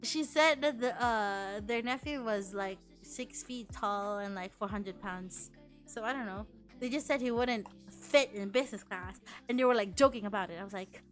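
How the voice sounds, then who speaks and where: A woman's voice: mid-range voice, a little slow, a bit bright, faint music behind. A young woman streaming as a VTuber, chatting casually, swearing a lot and laughing often.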